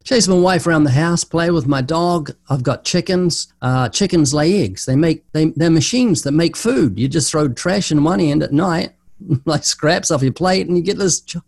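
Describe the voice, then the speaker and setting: A man's voice: a little high, normal speed, creaky, no room sound. An older man, a guest evangelist, answering interview questions and telling stories in which he acts out the dialogue. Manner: animated storyteller acting out dialogue.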